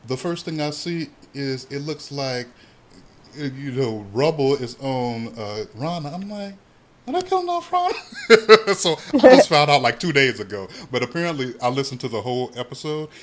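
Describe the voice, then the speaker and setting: A man co-hosting a podcast, chatting casually about a soap opera, animated and swearing freely as he acts out the characters' lines. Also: medium pitch, normal speed, slight background noise. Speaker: podcast co-host.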